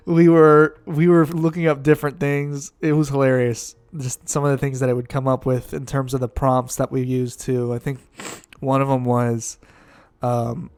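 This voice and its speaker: A man's voice: medium pitch, level tone, a little slow, a little mellow, clear, resonant tone, no room sound. A man co-hosting a casual podcast, explaining in a rambling way with lots of fillers and laughs. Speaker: band teacher and podcast co-host. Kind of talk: casual chat.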